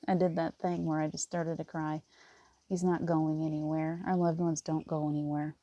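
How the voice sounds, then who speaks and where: A woman giving gentle spiritual encouragement in casual live talk, rambling with restarts and often near tears. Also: low-pitched, level tone, normal speed, no room sound, muffled recording. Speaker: spiritual reader.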